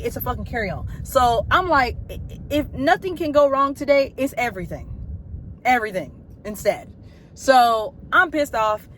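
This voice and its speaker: A teacher, filmed on a phone camera while sitting in a car, tells a profane, exasperated story about her trip in a casual storytime chat, snapping at traffic as she drives. Her voice is medium in pitch and fairly bright.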